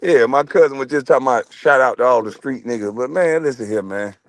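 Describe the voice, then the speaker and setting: A man's voice: mid-range voice, fast, dry recording. A man hosting his own livestream, ranting in a profane, mocking way and laughing often. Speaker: livestream host.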